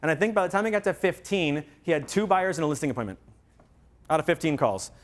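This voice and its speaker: Animated man coaching real estate agents. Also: fairly high pitch, fast. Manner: energetic storyteller, acts out quoted voices. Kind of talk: workshop talk to agents.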